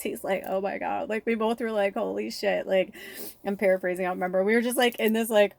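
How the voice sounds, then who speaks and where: A woman in her thirties, a spiritual reader, telling a personal story with shaky, tearful excitement and lots of "like.". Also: mid-range voice, brisk, dry recording. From Pacific Northwest.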